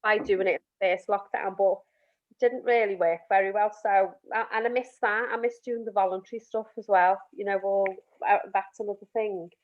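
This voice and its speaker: A woman's voice: medium pitch, steady tone, normal speed. A middle-aged woman counsellor talking candidly on a video call, emotional and rambling with restarts. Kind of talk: casual group discussion on a video call. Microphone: video call, camera off. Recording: muffled video call audio.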